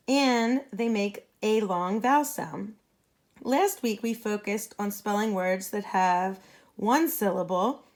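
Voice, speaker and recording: A woman teacher giving a patient phonics lesson to young students, modeling sounds clearly for them to repeat. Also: medium pitch, darkish tone.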